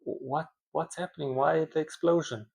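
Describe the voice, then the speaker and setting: A man voicing a fatherly cartoon fire-creature shopkeeper who gives calm advice. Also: a little high, normal speed, gravelly, breathy edge, voice pushed up. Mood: puzzled. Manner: calm, advising.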